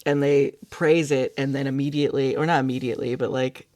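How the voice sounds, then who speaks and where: A woman vlogging in a casual, chatty way, expressive and quick to laugh, sounding upset and close to tears. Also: a bass voice. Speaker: beadwork vlogger. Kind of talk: casual vlog chat.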